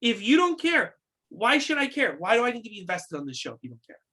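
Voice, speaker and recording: A man's voice: extremely high pitch, huge pitch swings, quick pace, bright, forceful tone. A man co-hosting a casual wrestling recap show, ranting in an exasperated, profane way and repeating his points. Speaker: podcast co-host.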